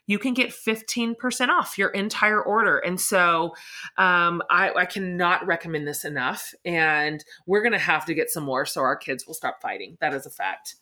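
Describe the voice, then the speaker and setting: A middle-aged woman co-hosts a podcast in a loose, chatty way, full of "um" and "like". Her voice sits low but sounds bright, and she gushes warmly about the things she recommends. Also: moderate pace. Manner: chatty, gushing, many fillers. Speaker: podcast co-host. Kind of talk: casual gift-guide chat.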